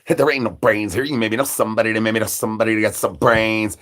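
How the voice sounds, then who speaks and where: A man's voice: lowish voice, fairly even intonation, quick pace, a bit bright. A man hosting a livestream, rambling in a hungry zombie persona with repetitive sing-song catchphrases and crude jokes. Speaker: livestream host.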